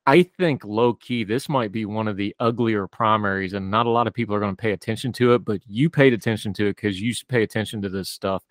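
Low-voiced man with wry asides. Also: fast talker, few pauses, no room sound. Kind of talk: casual political discussion.

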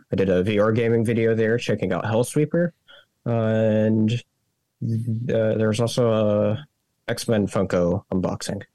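Laid-back, hesitant low-voiced man. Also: dark tone, no echo. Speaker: podcast guest. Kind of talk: casual podcast chat.

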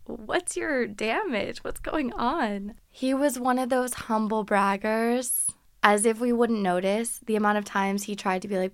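A woman hosting a podcast, telling stories in a casual, animated, sarcastic way and laughing often. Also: a little high, unhurried, smooth, no echo, studio quality. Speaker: podcast host. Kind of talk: casual storytelling monologue.

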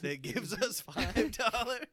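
A man's voice: sits high, animated, takes it slowly, pushed and bright, no room sound, studio quality. A man co-hosting a casual comedy podcast, laughing often as he talks. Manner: giggly, laughs often between words. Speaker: podcast co-host.

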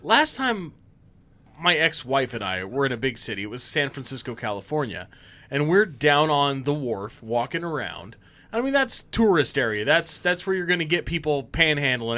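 A man telling stories in casual podcast chat, profane and animated. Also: medium pitch. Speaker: podcast co-host. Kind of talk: casual storytelling.

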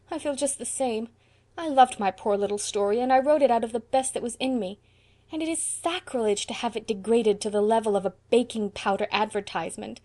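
A woman's voice: on the high side, warm tone, lightly acted. A woman reading as an impassioned young college girl. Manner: impassioned, tragic. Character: eighteen-year-old college girl, dramatic and idealistic.

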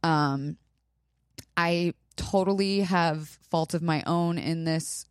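A young woman hosting a podcast, talking in a halting, emotional way while she holds back tears, with many pauses and fillers. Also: fairly low pitch, fairly even intonation, clear, resonant tone, no echo, studio quality. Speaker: podcast host. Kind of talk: personal monologue.

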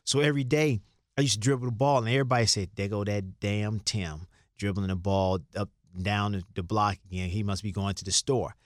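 A man's voice: fairly low pitch, steady tone, brisk, dry recording, studio quality. A middle-aged man telling loose, rambling basketball stories in an interview, repeating words and laughing now and then. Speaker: interview guest, former basketball player. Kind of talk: casual storytelling interview.

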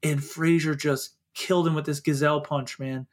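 A man from Philadelphia co-hosting a podcast in casual chat, excitable, laughing often and swearing casually. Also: fairly high pitch, moderate pace. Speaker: podcast co-host.

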